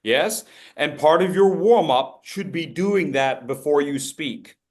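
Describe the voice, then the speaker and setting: A man's voice: fairly high pitch, lively intonation, takes it slowly, a little mellow. A man presenting a public speaking workshop, joking with the audience and leading group drills. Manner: playful, jokey, leads group drills.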